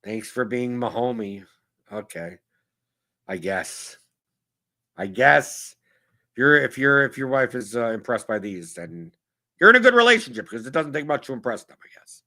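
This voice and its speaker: A man's voice: medium pitch, very animated, brisk, pushed and bright. A man hosting a casual Q&A show, riffing bluntly and profanely in an exasperated monologue. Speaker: podcast host answering viewer questions.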